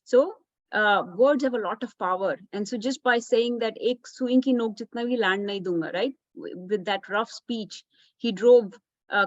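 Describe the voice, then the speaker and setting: A woman's voice: mid-range voice, dry recording, dull audio. A woman teaching a children's class, explaining patiently and often checking in with "right?".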